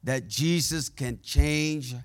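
Man, preacher, fairly high voice, conversational sermon, candid storytelling, call-and-response asides. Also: fairly even intonation, slow.

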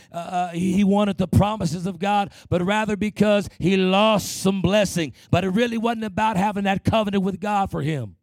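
Higher-pitched male preacher, gravelly and passionate, dry close sound; acts out prayers in shifting voices. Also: darkish tone, no echo. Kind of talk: sermon.

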